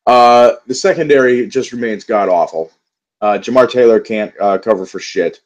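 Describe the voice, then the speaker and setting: Young man, low-pitched, profane, filler-heavy, frustrated sports rant. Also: normal speed, poor audio. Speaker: sports vlogger. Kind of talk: angry solo football rant.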